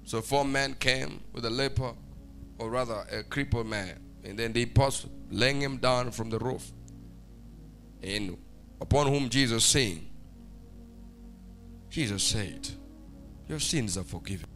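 A man preaching a fervent church sermon, swinging between shouted, sing-song lines and hushed, quiet ones. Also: medium pitch, a little slow, long pauses, soft background music. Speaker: pastor. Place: church service.

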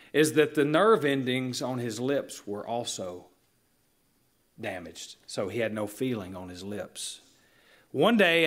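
A male pastor delivering a sermon in a church, earnest and illustrative, slowing down to stress key lines. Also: mid-range voice, a bit bright. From Southern United States. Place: church sanctuary.

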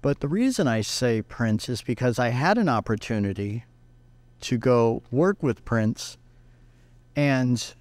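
A man with an average-pitched voice tells stories from his music career with animated energy, often slipping into other people's voices as he quotes them. The recording is dry, with no room sound. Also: unhurried, dry recording. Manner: acts out other people's lines while telling stories. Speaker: guest guitarist. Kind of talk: animated anecdotal storytelling.

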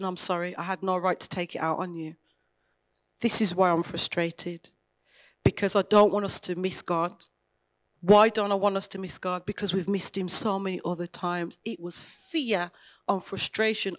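A woman pastor, preaching a sermon in a conversational way and retelling dialogue with lively emphasis. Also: fairly low pitch.

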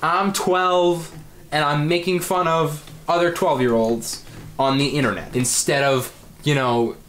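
A young man in his late teens talks through a reaction video in a voice of middling pitch. His delivery is dry and sarcastic, full of self-mocking asides. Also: moderate pace, fairly bright tone, slight background noise. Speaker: video creator. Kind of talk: reaction commentary.

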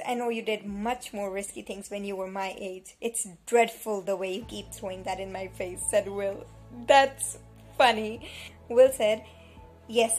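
Young woman, book vlogger, reads passages then gushes, faint music bed. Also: on the high side. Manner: animated, gushing reactions between quoted passages. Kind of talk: reading vlog, reading quotes aloud and reacting. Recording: soft music bed behind the voice.

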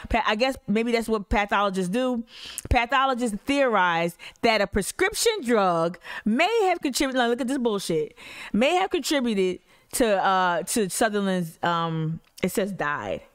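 A woman, an activist commentator reading news aloud and breaking off into blunt, profane rants. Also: mid-range voice. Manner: blunt, profane, swings between animated rants and mumbled reading.

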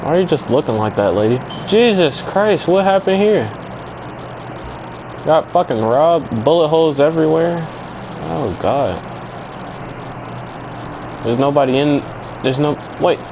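Man as a cursing driver, exasperated, fairly high voice, faint background noise. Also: expressive, a little slow, pauses often. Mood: grumbling. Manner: exasperated, profane, talks to himself. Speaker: driver in a game skit. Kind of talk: improvised game skit role-play.

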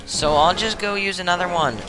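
A man's voice: high-pitched, a little fast. A teenage man giving jokey, rambling let's play commentary on a headset, swearing at the game. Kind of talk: casual gameplay commentary. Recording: game music playing behind.

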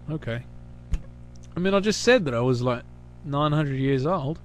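A man from the United States chatting casually with hesitant pauses as the host of his own channel. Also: mid-range voice, expressive, a little hiss or hum. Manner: rambling, hesitant, full of pauses. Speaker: channel host answering questions. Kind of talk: casual recorded chat.

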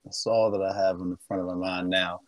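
A man's voice: low voice, level tone, a little fast, no echo. A man co-hosting a casual podcast, laid-back and laughing along with his partner. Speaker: podcast co-host.

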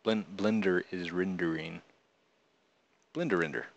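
A man's voice: deep voice, measured pace, gravelly, highs cut off. A man casually chatting on a live stream, reading viewers' messages aloud and answering them playfully. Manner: reads viewer chat aloud and answers playfully, often laughing. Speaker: live streamer and game creator.

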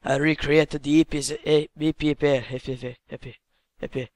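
A man's voice: fairly high pitch, flat delivery, moderate pace, darkish tone, no echo. An English man hosting a let's play, chatting casually and teasing his co-player. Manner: joking, teasing banter. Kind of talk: casual gameplay chat.

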